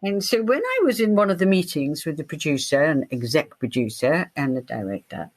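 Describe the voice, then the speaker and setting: An older woman tells her stories as a guest in an interview. Her voice sits on the lower side, and she acts out the people in her anecdotes with real animation. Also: very animated, fairly quick. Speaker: guest, TV crime writer. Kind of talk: storytelling in an interview.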